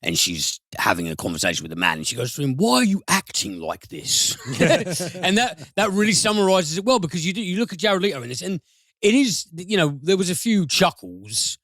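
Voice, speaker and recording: A man reviewing films on a podcast, animated and given to swearing and sudden high mimicry. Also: fast talker, no echo, clean studio sound. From United Kingdom. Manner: animated, swears, mimics voices with big pitch jumps. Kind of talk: casual podcast film review.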